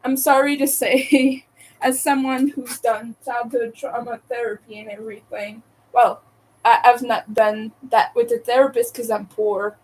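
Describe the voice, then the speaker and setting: A woman's voice: fairly high pitch, darkish tone, rough recording. A woman from Montreal chatting casually to her live audience, candid and opinionated, often laughing between remarks. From Canada, Montreal. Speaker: livestreamer.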